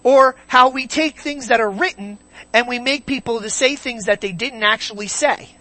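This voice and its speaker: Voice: medium pitch, moderate pace, pushed and bright. Give me an emphatic preacher in a sermon who stretches out key words and asks rhetorical questions. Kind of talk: sermon, verse-by-verse Bible teaching.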